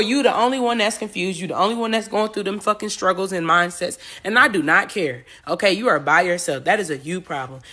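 A woman's voice: mid-range voice, fairly bright tone. A woman doing a casual tarot reading, talking bluntly with profanity and rambling asides, and growing emphatic as she goes. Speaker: tarot reader.

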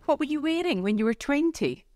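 A woman's voice: high-pitched, expressive, fairly quick, very noisy. A woman co-hosting a podcast, chatting casually in a giggly, light-hearted way. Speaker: podcast co-host.

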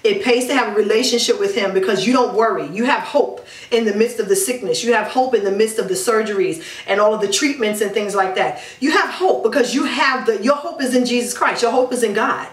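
A woman's voice: fairly high pitch, fairly quick, hardly any pauses. A woman talking through her hair care routine in a casual review vlog, emphatic and chatty with many ums and repeats. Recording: echoey room, distant mic.

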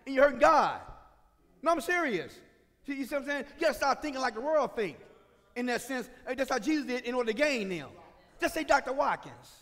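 A man preaching a sermon as pastor, swinging from shouted points to chatty asides with the congregation. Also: extremely high pitch, expressive, brisk. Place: church sanctuary. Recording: reverberant church sanctuary.

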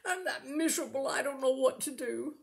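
A woman's voice: high-pitched, a little fast, creaky, pitched above the performer's own voice. A woman reading a story aloud and voicing a young, miserable farm wife close to tears. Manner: sobbing, miserable.

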